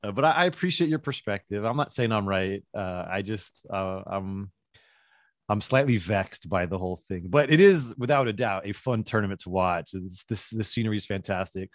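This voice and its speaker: A man's voice: lowish voice, expressive, normal speed, no room sound. A man hosting a podcast, asking questions casually with dry, wry humor. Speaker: podcast host.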